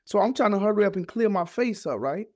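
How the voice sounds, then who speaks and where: A man's voice: high voice, expressive, fast talker, darkish tone, no room sound, studio quality. A man, a podcast guest, telling an emotional personal story in casual, heartfelt speech. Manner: casual, heartfelt, acts out voices of family in his story.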